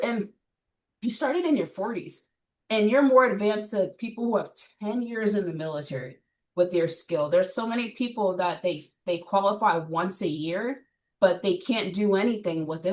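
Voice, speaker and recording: A woman personal trainer talks bluntly and energetically in a casual interview chat, laughing often. Her voice is medium in pitch at a normal speed, recorded from a distance.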